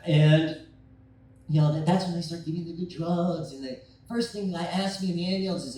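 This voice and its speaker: A young adult man telling a rambling, profane stand-up story, acting out scenes with sudden shouted quotes. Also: on the high side, steady tone, a little fast. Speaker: stand-up comedian. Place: bar stage. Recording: echoey bar room from far off.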